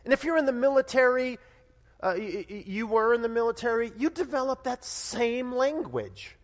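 A middle-aged pastor from Nevada delivers a lively sermon in a notably high voice. He restarts his sentences and swings into sudden loud bursts as he tells a story. The sound carries a long reverb, as in a church sanctuary. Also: normal speed. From Nevada, United States.

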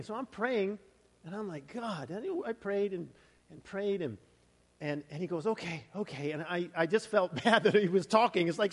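A male pastor giving a sermon, shifting from scripture readings into a lively conversational story. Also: high-pitched, moderate pace. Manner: conversational storytelling, animated retellings. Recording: hall reverb.

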